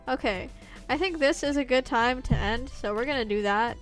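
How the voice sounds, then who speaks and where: A woman's voice: high voice, normal speed, faint music behind. Giggly young woman streamer. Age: young adult. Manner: chatty and giggly, reads game text aloud. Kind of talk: casual livestream gameplay chat.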